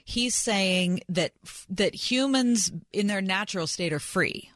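A woman's voice: medium pitch, measured pace, a bit bright, dry recording. Woman hosting a talk show, dry sound. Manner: conversational, summarizing guest's points. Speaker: radio talk show host. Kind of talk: radio interview.

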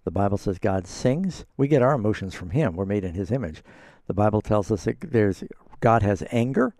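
A man's voice: lowish voice, animated, moderate pace, a little mellow, no room sound, clean studio sound. A man hosting a call-in radio Bible program as pastor, explaining scripture in an earnest, conversational way.

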